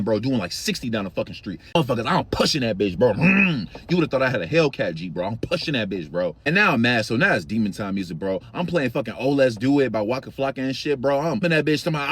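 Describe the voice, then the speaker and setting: A man's voice: medium pitch, sing-song, fast talker, hardly any pauses, a bit bright, breathy edge. A young man from Chicago telling a story in casual, slang-heavy, profane street talk.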